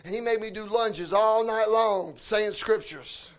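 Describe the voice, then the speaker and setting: High-voiced man shouting a fervent sermon. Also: measured pace. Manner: fervent, shouting, sing-song preaching. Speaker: preacher.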